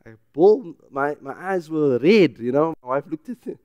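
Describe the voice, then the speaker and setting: Pastor, middle-aged man, fairly high voice, dry close sound; preaches loud then drops to a hush. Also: expressive, moderate pace, no room sound, lo-fi sound. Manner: preaching with loud emphatic rises, then drops to a quiet personal telling. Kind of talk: sermon.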